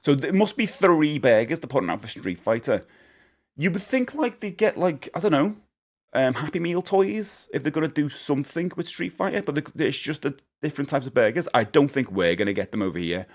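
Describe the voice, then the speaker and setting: A man's voice: mid-range voice, lively intonation, fairly quick. A man chatting casually to his live-stream viewers. He rambles and corrects himself as he goes, and he laughs often. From United Kingdom.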